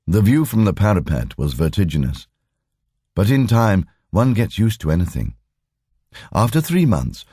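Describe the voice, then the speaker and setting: A man narrating a short story for an audiobook in a steady, even storytelling manner. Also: low-pitched, breathy edge, dry recording, studio quality. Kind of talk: scripted narration.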